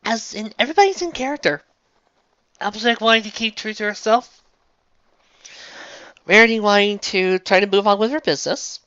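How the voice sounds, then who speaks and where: A woman's voice: moderate pace, pauses often, dry recording, highs cut off. A woman reviewing an episode in easygoing, chatty talk. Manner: chatty, easygoing, with lively swings in pitch. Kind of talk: casual review chat.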